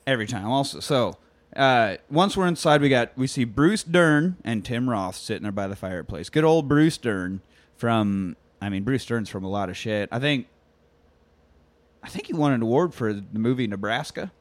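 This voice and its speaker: Man, podcast co-host, casual movie recap, profane, jokey, lively swinging pitch, mid-range voice. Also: moderate pace, dry recording. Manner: profane, jokey, acts out scenes in silly voices.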